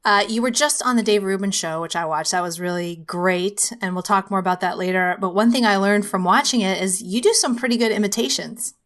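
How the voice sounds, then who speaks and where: A woman's voice: mid-range voice, fairly quick, few pauses, fairly bright tone. A woman hosting a podcast, chatty and laughing easily as she asks her guest questions. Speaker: podcast host. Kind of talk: casual podcast conversation.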